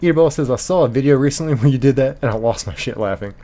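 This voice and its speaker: A man hosting a casual live stream, reading viewer comments aloud in an animated way, laughing easily and thanking viewers by name. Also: medium pitch, rapid-fire. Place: apartment bedroom.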